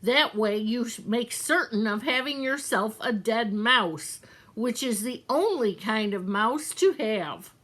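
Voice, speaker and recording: A woman voicing a bossy, loud female castle cook in a read-aloud storybook, barking orders in a shrill, impatient voice. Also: lively intonation, takes it slowly, exaggerated voice. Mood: shouting.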